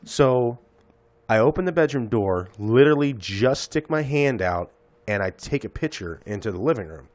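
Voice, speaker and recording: A man's voice: mid-range voice, lively intonation, normal speed, no room sound. A man in his thirties, a podcast host telling a profane, rambling story in casual chat.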